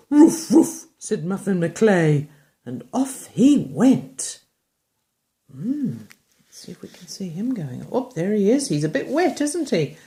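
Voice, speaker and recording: Slow, lively woman reading a storybook. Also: sits low. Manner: animated, swings from bright exclamations to soft murmured asides; asks the child questions about the pictures. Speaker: reader to a child. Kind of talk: reading a picture book aloud.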